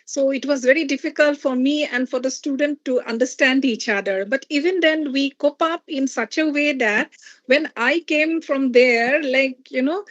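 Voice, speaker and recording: A woman academic from Northeast India with a Northeast Indian English accent, animated and chatty, full of "you know". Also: sits high, normal speed, no room sound, dull audio. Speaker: university academic.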